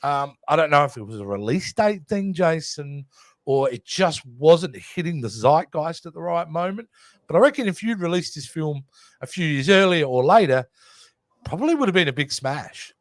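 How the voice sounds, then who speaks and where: A man with a slightly high voice and big pitch swings speaks at a moderate pace on a dry recording. As a podcast co-host in a casual film review chat, he comes across chatty and hesitant, restarting himself often.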